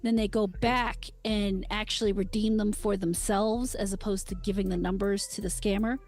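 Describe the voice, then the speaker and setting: A woman co-hosts a loose, casual podcast, reading out listener questions and explaining the answers with a slightly pedantic streak. Her voice sits at an ordinary middle pitch, with faint music underneath. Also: steady tone, moderate pace, darkish tone. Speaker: podcast co-host. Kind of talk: casual chat.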